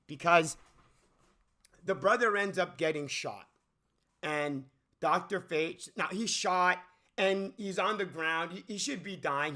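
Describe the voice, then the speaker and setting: A man with a high, gravelly voice rants about a movie off the cuff. He sounds bright and edgy as he rambles, stammers and restarts, and he keeps asking incredulous questions. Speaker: movie commentary channel host. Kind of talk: unscripted movie rant.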